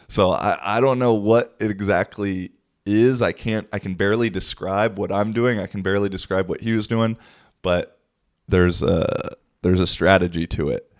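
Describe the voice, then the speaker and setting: A man's voice: on the low side, steady tone, normal speed, no echo, clean studio sound. A man, hosting a casual podcast and telling a rambling story with swearing and laughs. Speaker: podcast host. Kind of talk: casual solo podcast talk.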